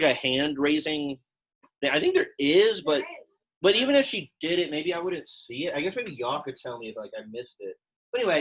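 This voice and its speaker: This rough recording captures a young man with a fairly high-pitched voice teaching Latin. His grammar explanations are loose and chatty, packed with fillers, and directed at students both in class and online.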